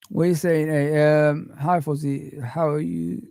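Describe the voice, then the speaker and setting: A man's voice: a little high, moderate pace, creaky, few pauses, warm tone, dry recording, studio quality. A man hosting a football live stream, ranting in heated street slang as he reads the chat.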